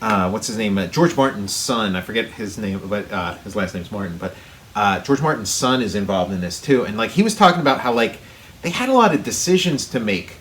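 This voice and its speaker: A man's voice: on the low side, animated, brisk, fairly bright tone, slight background noise. A man co-hosting a casual podcast, rambling through long explanations full of "like" and "you know". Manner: rambling, many fillers and restarts. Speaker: podcast co-host. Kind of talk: casual chat.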